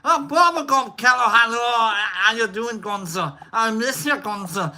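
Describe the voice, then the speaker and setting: A woman's voice: on the high side, animated, measured pace, pushed and bright. A woman hosting a casual livestream, rambling, swearing and joking as she greets chat members by name. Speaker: livestream host.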